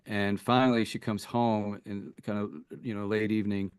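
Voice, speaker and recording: A man's voice: on the low side, flat delivery, normal speed, clean tone, dry recording, studio quality. A man speaking as a relationship coach guest in an interview, thinking aloud with many "you know"s and restarts. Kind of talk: casual interview talk.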